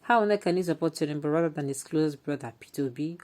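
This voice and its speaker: Low-voiced Nigerian woman reading news. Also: rapid-fire. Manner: opinionated, animated, chatty asides. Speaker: news presenter and commentator.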